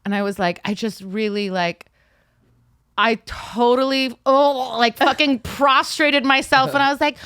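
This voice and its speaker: A young adult woman talking candidly on a podcast as a guest, animated and swearing freely. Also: high-pitched, unhurried, smooth, dry recording, clean studio sound. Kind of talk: casual chat.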